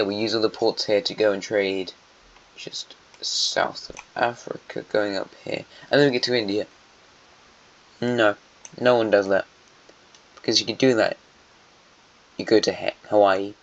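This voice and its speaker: A man's voice: on the low side, steady tone, moderate pace, long pauses. A man narrating an alternate-history map in a casual, meandering way, musing aloud and correcting himself as he goes. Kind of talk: casual rambling commentary. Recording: dull lo-fi mic.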